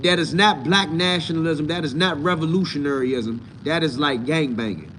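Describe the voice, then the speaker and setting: A man runs a casual live talk on his own channel, firing back at the chat in blunt, profane bursts and mocking the people who comment. His voice sits a little high for a man. A faint hum of noise runs underneath him. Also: moderate pace, fairly bright tone. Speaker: host answering live chat.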